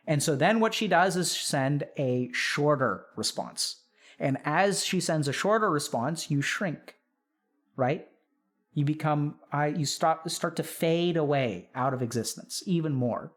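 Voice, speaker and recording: A man hosting a stream, calmly explaining to his audience step by step, with frequent "like" and "right?" checks. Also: a little high, normal speed. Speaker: psychiatrist host reviewing reader posts.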